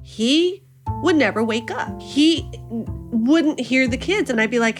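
A woman in her thirties telling a personal story in a casual, animated way, acting out what people said. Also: high-pitched, moderate pace, faint music behind. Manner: animated, acts out quotes, laughs. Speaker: interviewee, new mother.

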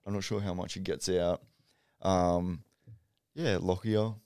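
Low, gravelly young Aussie guy, relaxed and agreeable, dry close podcast sound. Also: unhurried, no room sound. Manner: easygoing, short agreeing replies, Aussie slang. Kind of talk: casual podcast chat.

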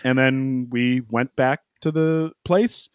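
A man's voice: mid-range voice, steady tone, slow pace, smooth, no room sound, clean studio sound. Rambling man telling a travel story. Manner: rambling, laughs often, acts out quotes. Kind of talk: casual storytelling.

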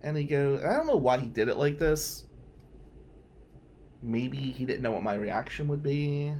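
A man's voice: medium pitch, lively intonation, moderate pace, a little mellow, a little hiss or hum. A middle-aged man hosting a podcast, candidly telling a personal story with blunt, emphatic phrasing. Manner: candid, emphatic, with some swearing. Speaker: podcast host.

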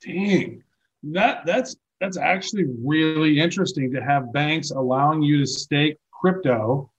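A man's voice: on the high side, unhurried, dull audio. A man with a Midwestern accent co-hosting a casual crypto news chat, joking and rambling with filler words. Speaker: co-host.

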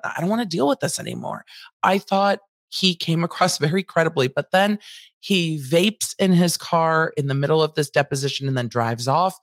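A woman's voice: deep voice, no echo, clean studio sound. A woman hosting casual legal commentary, chatting through testimony and paraphrasing witnesses with asides.

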